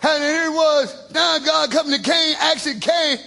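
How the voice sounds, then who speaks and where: A male preacher delivering a shouted sermon in folksy, colloquial speech, punctuated with hallelujahs. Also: very high voice, measured pace, vocal fry. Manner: shouting, call-and-response hallelujahs.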